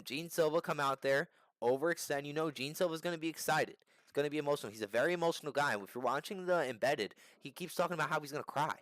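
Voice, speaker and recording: A young man talks fight predictions in loose slang, cursing and tripping over his own words as he gets worked up. His voice swings widely up and down at a middling pitch. It sits close and dry on the mic. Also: no echo. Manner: animated, swearing, slangy, rapid restarts. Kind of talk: casual fight breakdown.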